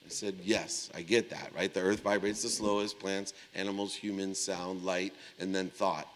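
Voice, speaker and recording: Middle-aged male keynote speaker, lowish voice, animated storyteller, conference-hall reverb. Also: a little hiss or hum. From Ohio, USA. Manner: animated, acts out dialogue with big swings in pitch and volume.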